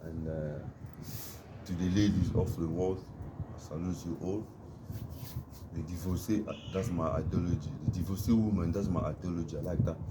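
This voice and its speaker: A man from Africa with a very deep voice speaks into a phone outdoors in the cold, with plain street ambience behind him. He delivers a rambling, emphatic monologue and repeats himself to drive his point home. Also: fairly even intonation, moderate pace, noisy background. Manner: preachy, emphatic, repetitive. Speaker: vlogger.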